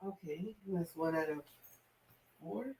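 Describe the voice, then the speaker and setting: Gravelly, mellow-voiced woman reacting. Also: sits low, low-quality recording. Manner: short reactions and quick questions. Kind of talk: casual chat.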